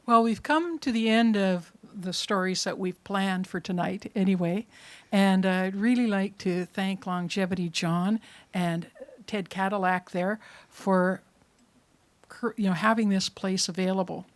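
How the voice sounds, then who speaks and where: Brief: woman host, mid-pitched, chatty and gracious, wrapping up a small live event. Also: unhurried. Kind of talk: closing remarks and thanks. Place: small performance space.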